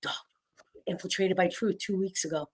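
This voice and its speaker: A woman hosting a casual live chat, blunt and sarcastic, swearing freely and getting loud when worked up. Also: fairly low pitch, fairly even intonation, normal speed, husky. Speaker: livestream host.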